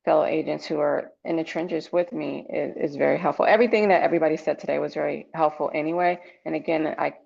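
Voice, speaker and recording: Gravelly-voiced woman on a lo-fi call. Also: low voice, steady tone, fast, few pauses, a little mellow. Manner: earnest, determined. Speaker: new real estate agent in training. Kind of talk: earnest reflection on a group call. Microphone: video call. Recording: dull lo-fi call audio.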